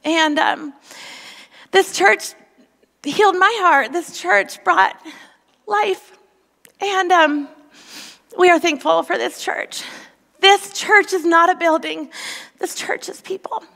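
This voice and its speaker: A woman's voice: extremely high pitch, takes it slowly, vocal fry, long pauses. A woman in her forties, a youth pastor, giving a playful, personal sermon at a church women's event. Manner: lively, playful, personal storytelling. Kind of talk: sermon with comedic opening skit. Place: church sanctuary. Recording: long reverb in a church hall.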